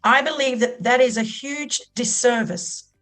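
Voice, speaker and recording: A woman's voice: a little high, measured pace, fairly bright tone, soft background music, rough recording. A middle-aged Australian woman, a podcast guest speaking earnestly and with heartfelt emphasis. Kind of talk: podcast interview.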